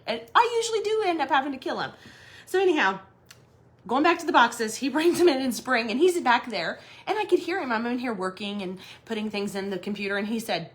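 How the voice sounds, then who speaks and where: A middle-aged woman chats casually on a home decor livestream, recorded from her office. She tells stories in an animated, rambling way and laughs often. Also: on the high side, quick pace. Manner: chatty, animated storytelling with laughs. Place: her office in a shed building.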